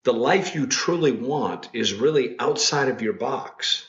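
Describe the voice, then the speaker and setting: A man's voice: mid-range voice, lively intonation, measured pace, fairly bright tone. A man in his sixties, a guest in casual chat, telling stories bluntly. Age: 60s. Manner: blunt storyteller. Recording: roomy, dull lo-fi sound.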